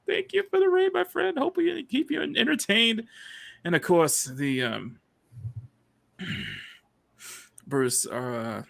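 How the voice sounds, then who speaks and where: A man hosts a live stream with a high, bouncy voice that jumps all over the place. He sounds giggly and excitable as he greets the chat one name after another. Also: slow pace, creaky, long pauses. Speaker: streamer host.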